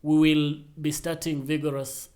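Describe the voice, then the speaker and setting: A young man co-hosting a podcast in casual chat, animated and teasing, often trailing off and restarting. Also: on the high side, unhurried. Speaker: podcast co-host.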